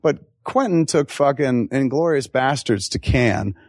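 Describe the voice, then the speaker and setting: A middle-aged man in a casual interview, telling animated stories and swearing freely. His voice sits at a middle pitch. The sound is dry, with no room echo. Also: measured pace. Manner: animated, profane storyteller who acts out quotes. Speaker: film director being interviewed.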